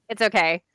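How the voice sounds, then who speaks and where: A woman's voice: pushed and bright, no echo, studio quality. Cheerful woman playing a healer. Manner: cheerful, eager to help. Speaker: tabletop game player, cleric. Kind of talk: in-character role-play.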